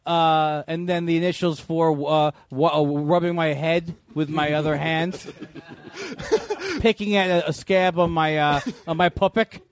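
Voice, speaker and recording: Manic high-voiced comedian in his sixties. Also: measured pace. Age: 60s. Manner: manic, bursts into shouts. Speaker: comedian guest. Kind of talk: rapid comedic riffing.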